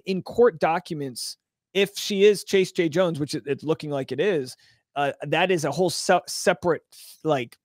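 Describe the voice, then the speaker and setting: Guest, man, quite high voice, rambling and jokey, close dry mic. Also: no room sound. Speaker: podcast guest. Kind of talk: casual chat.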